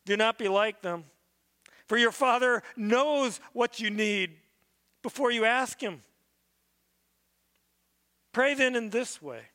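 Earnest pastor guy reading scripture then preaching, sharp bright tone, trips over words sometimes. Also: extremely high pitch, slow, long pauses. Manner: earnest, often restarts words while preaching. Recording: long reverb of a big room.

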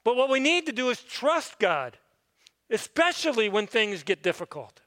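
Middle-aged pastor preaching in a reverberant hall. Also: male voice, extremely high pitch, big pitch swings, moderate pace, bright, forceful tone. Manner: folksy, conversational with frequent fillers. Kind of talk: sermon. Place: church sanctuary.

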